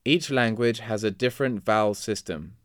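A man reading vocabulary words and example sentences in a measured, deliberate way. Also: fairly low pitch, no room sound, studio quality. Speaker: vocabulary reader.

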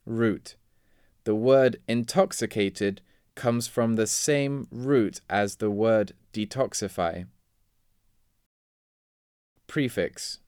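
Slow, deliberate man reading vocabulary. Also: on the low side, darkish tone, clean tone, no echo, clean studio sound. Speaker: vocabulary reader. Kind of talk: reading vocabulary words and example sentences.

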